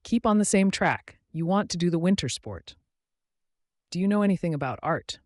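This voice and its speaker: A man voicing a playful, quick-witted young woman in an audiobook, light and teasing. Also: high voice, lively intonation, darkish tone, dry recording, studio quality, pitched above the performer's own voice.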